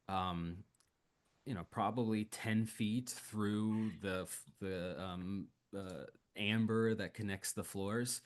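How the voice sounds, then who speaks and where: A young man narrating a tabletop game as game master, slow and hesitant with many fillers. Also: sits low.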